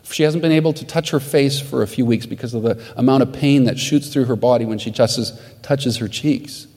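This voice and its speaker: A man's voice: medium pitch, fairly quick, darkish tone, long reverb tail. A man preaching a sermon as pastor, telling stories earnestly.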